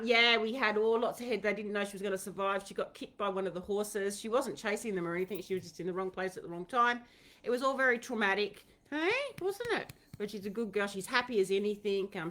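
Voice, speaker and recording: A woman's voice: medium pitch, fairly bright tone. An Australian woman hosting a live online Q&A, talking casually and rambling, with many fillers and restarts. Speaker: host of a horse-training Q&A livestream. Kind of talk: casual livestream chat.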